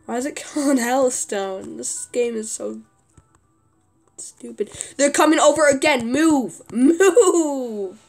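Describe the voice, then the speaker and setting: A young woman commenting on her own gameplay, often exasperated and yelling at a teammate. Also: fairly high pitch, a little slow, creaky, faint music behind. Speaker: gaming youtuber.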